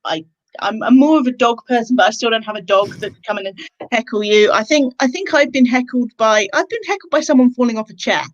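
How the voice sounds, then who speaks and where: A woman co-hosting an interview over a video call, chatty and jokey, acting out quotes in a bright, sudden voice. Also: quick pace. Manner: chatty, jokey, acts out quotes with big pitch jumps. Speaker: co-host interviewer. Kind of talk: casual video-call chat. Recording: dull lo-fi video-call audio.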